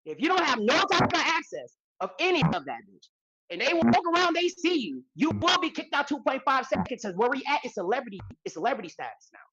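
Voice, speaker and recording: A woman co-hosting a podcast, telling a story in a loose, animated way, repeating lines for emphasis and swearing freely. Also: sits high, fairly quick, slightly rough, highs cut off. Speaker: podcast co-host. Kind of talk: casual storytelling chat.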